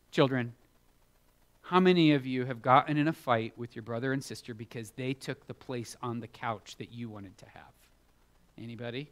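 A man giving a children's sermon, animated and expressive, acting out Bible characters in playful voices. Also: medium pitch, moderate pace. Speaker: children's preacher.

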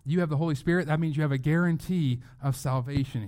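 A pastor with a mid-pitched, darkish voice delivers a sermon to his congregation, earnest and pressing hard on key phrases. He talks a little fast with hardly any pauses, frequently breaking off and restarting his sentences.

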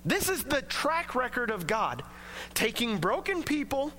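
A male preacher with a very high, bright voice. He talks in a loose, conversational manner and keeps slipping into quick acted-out voices for the people in his stories. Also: sing-song, a little hiss or hum. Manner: casual, conversational preaching that acts out quoted speech. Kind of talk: sermon.

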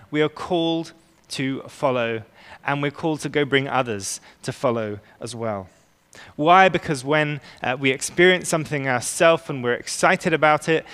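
A man preaching a sermon as pastor, earnest and emphatic, slowing down to stress key words. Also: a little high, fairly bright tone, smooth. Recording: long reverb of a large hall.

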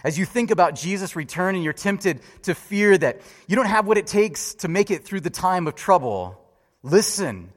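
A man preaching a sermon with a fairly high, very animated voice that rises to loud peaks and drops to a near hush. His words ring out with the long reverb of a large hall. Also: moderate pace. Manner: storytelling, swinging from loud lively peaks to hushed low lines.

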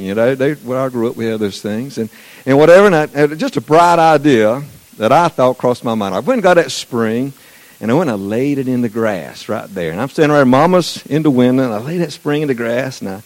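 A man's voice: medium pitch, a little mellow. A man, preaching a sermon in a folksy storytelling way.

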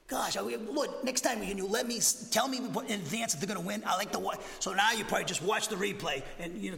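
A man in his sixties from Massachusetts with a Boston accent, teaching a Bible lesson as a pastor in a conversational, animated way, full of restarts and asides. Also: high voice, vocal fry, long reverb tail. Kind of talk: expository sermon lesson. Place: church sanctuary.

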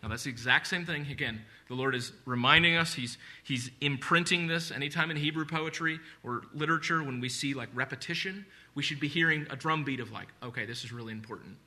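Bright-voiced man preaching earnestly. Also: fairly high pitch, a little fast, few pauses. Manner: earnest, conversational preaching with repetition and asides. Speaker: pastor. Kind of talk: sermon.

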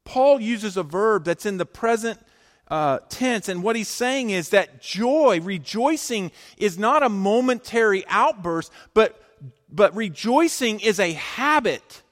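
A male pastor preaching a sermon, emphatic, swinging between loud declarations and hushed lines. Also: sits high, lively intonation, slow, in a large hall.

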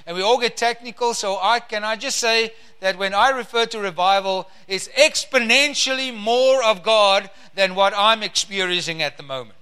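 Male preacher; high, bright voice; fervent scripture reading, stretches key words. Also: moderate pace, hardly any pauses, clear, resonant tone.

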